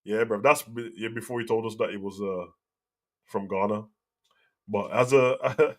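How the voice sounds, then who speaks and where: A man's voice: fairly low pitch, fairly even intonation, a little slow, pauses often, fairly bright tone. A man hosting a live wrestling talk show, chatting in a slangy, opinionated way. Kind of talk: casual live reaction chat.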